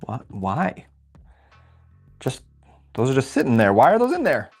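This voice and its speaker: A young man runs a relaxed livestream, chatting easily while he builds. His voice sits in an ordinary middle pitch. He mutters to himself over the pieces, then reads out viewer questions and answers them. Soft music plays quietly underneath. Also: measured pace, slightly rough. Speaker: livestream host building a LEGO set. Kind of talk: casual livestream chat.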